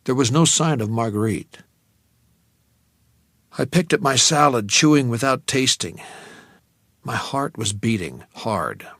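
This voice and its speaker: A man reading a novel aloud in the first person as an audiobook narrator, telling the story in a measured, tense way. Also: medium pitch, sing-song, a bit bright, no room sound. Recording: dry close studio sound.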